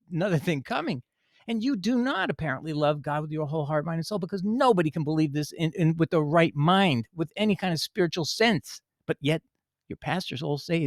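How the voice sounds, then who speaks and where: A man's voice: a little high, fairly bright tone, no room sound, studio quality. A man giving impassioned, emphatic commentary on scripture, scolding his listeners and digressing often. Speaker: bible teacher.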